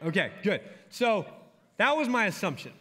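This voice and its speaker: A man's voice: high-pitched, sing-song, moderate pace, bright, forceful tone. A young man with a Texan accent preaching to college students, telling stories and joking with the crowd. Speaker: college ministry pastor. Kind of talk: sermon to students. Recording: reverberant hall.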